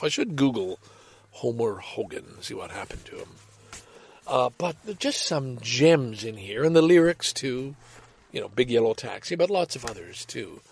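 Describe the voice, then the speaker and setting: A man's voice: mid-range voice, creaky, slightly rough. A man chatting casually and rambling about his books, breaking off to read poems aloud with feeling. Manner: rambling, self-interrupting, enthusiastic; reads poems aloud expressively. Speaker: vlogger sharing books and poems. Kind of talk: casual rambling talk with poetry readings.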